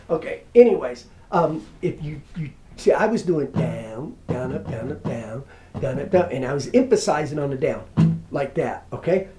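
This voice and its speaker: A man's voice: on the high side, mellow, slight background noise. Folksy middle-aged man teaching guitar. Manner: rambling, folksy, chatty. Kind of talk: casual guitar lesson. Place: home room. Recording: roomy home recording with guitar. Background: acoustic guitar strumming.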